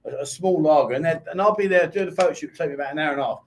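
A man with a London accent hosts a casual live-stream chat show. His voice sits high, and he reads out viewer comments before answering each one in a chatty, off-the-cuff way. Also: very fast. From England. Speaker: host.

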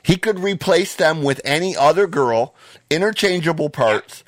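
An American man hosting a podcast in casual, profane chat, his voice hoarse and wearing out. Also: fairly high pitch, expressive, moderate pace, dry recording, studio quality. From United States. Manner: blunt, profane, laid-back. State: losing his voice. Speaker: podcast host.

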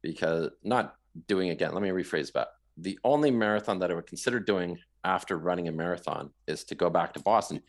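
A man from Canada, a guest in an interview, telling his story in a rambling, animated way, often repeating words. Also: deep voice, brisk, hardly any pauses.

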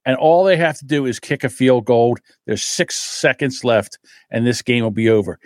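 A man hosting a podcast, telling animated stories, swearing freely and laughing as he talks. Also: medium pitch, moderate pace, no room sound, clean studio sound. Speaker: podcast host. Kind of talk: casual storytelling and commentary.

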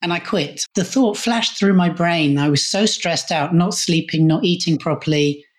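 A man's voice: a little high, moderate pace. A man, a podcast guest and coach, recounting a personal story in a candid, conversational way. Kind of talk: casual storytelling.

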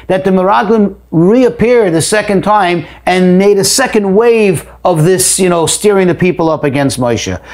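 Man, higher pitch, text study lesson, reads then explains, emphatic rises. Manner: reads a phrase aloud, then explains it in plain words; repeats words while thinking, lively rises for emphasis. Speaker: Torah teacher.

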